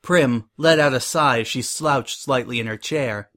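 A man with an ordinary mid-range voice reads a fan-written story aloud. His delivery is steady and even, the plain voice of a storyteller. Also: medium pitch, measured pace. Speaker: narrator. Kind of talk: storybook fan fiction reading.

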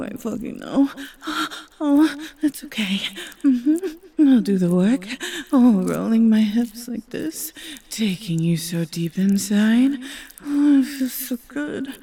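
Breathy woman in whispered role-play. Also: fairly high pitch, slow pace. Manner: breathy, pleading, moaning, soft murmurs. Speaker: audio role-play performer.

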